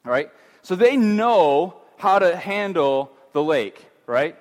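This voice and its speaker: A middle-aged man gives a casual, chatty Bible teaching, speaking slowly with big pitch swings and frequent fillers and restarts. He acts out voices of fear with rising pitch, and a long hall reverb colors the recording.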